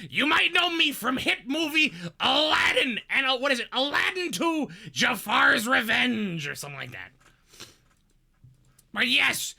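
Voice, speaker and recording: A man putting on the voice of a loud, screechy male cartoon parrot sidekick, yelling in exasperated rants with a raspy, nasal tone. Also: very high-pitched, very animated, measured pace, voice pushed up, exaggerated voice. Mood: boastful. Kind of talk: impression of a comedian's parrot voice.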